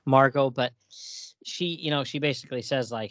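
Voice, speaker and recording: A man talks through a comic book in a loose, easygoing way, leaning on fillers and laughing along. His voice sits at a middle pitch. The recording is dry and close. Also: moderate pace, no room sound, highs cut off. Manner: relaxed, many fillers, laughs often. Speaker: podcast co-host. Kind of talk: casual chat about a comic book.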